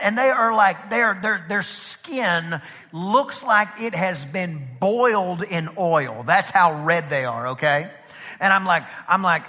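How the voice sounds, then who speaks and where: A man's voice: sits high, normal speed. A man from East Texas with an East Texas accent, a pastor preaching a storytelling sermon and acting out the dialogue. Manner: animated, acts out dialogue in the story. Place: church sanctuary. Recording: reverberant church hall.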